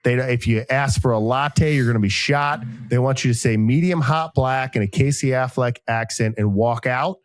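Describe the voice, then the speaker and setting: A man in his thirties hosts a casual podcast and drifts between jokes, deadpan asides and sponsor reads. His pitch sits in the middle of the male range. The sound is dry and close, with no room echo. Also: moderate pace, few pauses. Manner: joking, rambling, deadpan asides. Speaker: podcast host.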